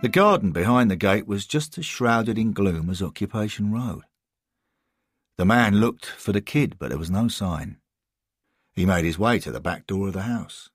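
A man reading a scripted story as narrator, measured and expressive. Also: fairly low pitch, no room sound, studio quality.

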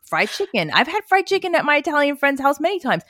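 A Canadian woman co-hosting a podcast, telling personal stories in an animated way with quoted asides. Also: high voice, fast, dry recording, clean studio sound. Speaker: podcast co-host. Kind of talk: casual chat.

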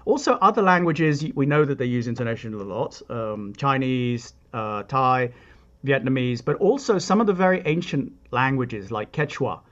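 A man's voice: medium pitch, animated, normal speed, highs cut off. A man, a composer explaining his ideas in a thoughtful, reflective interview. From England. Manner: thoughtful, reflective, with frequent restarts and asides. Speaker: composer, guest.

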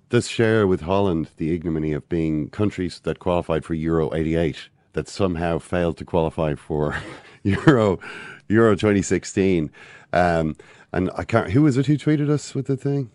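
A man from Ireland giving football opinions on a podcast, halting with many "uh"s and a dry wit. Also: low voice, a little mellow, no room sound. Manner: hesitant, full of "uh" and "um", dry wit. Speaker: football pundit. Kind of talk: casual football chat.

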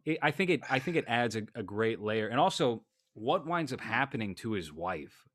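A man's voice: medium pitch, very animated, moderate pace, dry recording, studio quality. A man co-hosting a casual film discussion, speaking bluntly and with profanity. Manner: blunt, profane, acts out characters in quotes. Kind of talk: casual movie review chat.

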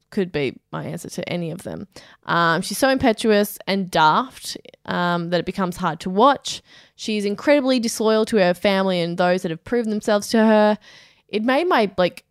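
A woman's voice: medium pitch, dry recording, studio quality. A woman co-hosting a podcast, bluntly giving her opinions of episodes in casual chat. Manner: opinionated, blunt, gives short assents. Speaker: podcast co-host.

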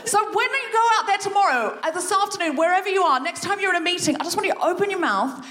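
A woman, speaking as a guest on stage and leading an audience through a creativity exercise in a playful, energetic way, laughing often. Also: extremely high pitch, fast talker. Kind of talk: live stage talk to an audience.

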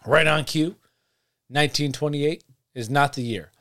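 A man's voice: on the high side, a little slow, fairly bright tone. A man co-hosting a podcast, telling a folklore story in a joking, profane, playful way. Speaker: podcast co-host. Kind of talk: casual comedic chat.

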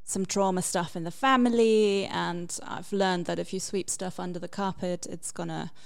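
A woman from Germany, a guest on a podcast, telling a personal story openly and thoughtfully with frequent pauses. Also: on the low side, steady tone, gravelly. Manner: open, thoughtful, pauses with ums. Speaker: podcast guest, comedy writer. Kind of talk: conversational storytelling.

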